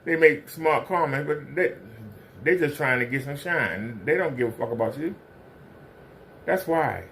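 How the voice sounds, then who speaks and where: A man's voice: fairly high pitch, expressive, measured pace, fairly bright tone, a little hiss or hum. A man hosting a livestream, ranting confrontationally and hammering the same pointed questions. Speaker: livestream commentator.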